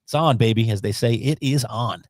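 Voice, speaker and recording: A man's voice: mid-range voice, normal speed, a little mellow, no room sound, clean studio sound. A man co-hosting a live sports talk stream, casual and rambling, with many fillers and restarts. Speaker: co-host of a sports talk show.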